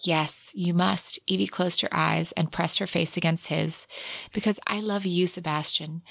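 A woman's voice: on the low side, steady tone, measured pace, creaky, a bit bright, breathy edge, no room sound, clean studio sound. A woman co-hosting a book podcast, summing up a romance plot and reading quotes with feeling. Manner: narrates plot with acted quotes. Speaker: podcast co-host. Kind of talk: book recap podcast, reading excerpts aloud.

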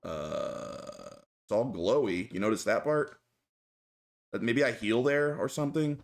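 A man streaming a video game, commenting casually with a playful, joking manner and lively reactions. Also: mid-range voice, measured pace.

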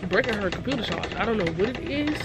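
With loud music behind her, an animated woman in her twenties talks fast at a medium pitch. She chats casually to a camera she holds or set up herself, full of fillers and viewer asides, first in a store and afterwards in her bedroom.

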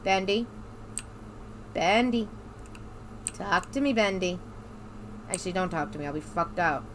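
Over background noise, a woman with a fairly low pitch and lively intonation talks a little slowly. Playing a horror game for let's play commentary, she chatters nervously, swears often, and keeps repeating to herself that everything is fine.

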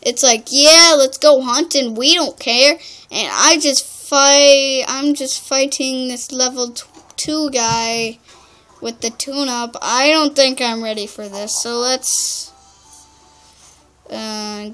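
A woman's voice: on the high side, fairly bright tone. A young woman giving chatty, rambling let's-play commentary, full of "like". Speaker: gamer.

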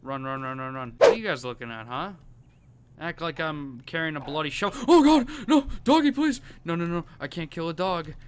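A man giving gameplay commentary, panicking and pleading in fast repeated bursts. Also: fairly high pitch, fairly bright tone, clear, resonant tone. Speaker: gaming YouTuber.

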